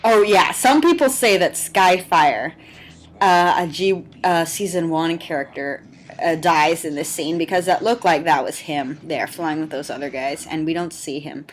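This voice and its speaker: Low-voiced woman giving sarcastic fan commentary. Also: measured pace, a little hiss or hum. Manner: chatty, sarcastic, swears, laughs often. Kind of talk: casual commentary over a cartoon.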